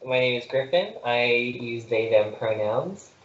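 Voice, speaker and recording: A young adult student co-hosting a radio talk show, talking in a hesitant, rambling way from a small nook at home. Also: male voice, medium pitch, expressive, a little slow. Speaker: co-host, student. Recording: echoey room, muffled lo-fi audio.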